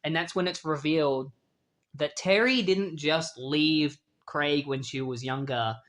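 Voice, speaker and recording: A man recapping a comic book story in a relaxed, chatty manner, peppering his lines with "like". His voice sits a little higher than most men's. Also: unhurried. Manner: loose, chatty, frequent "like". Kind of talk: casual comic retelling.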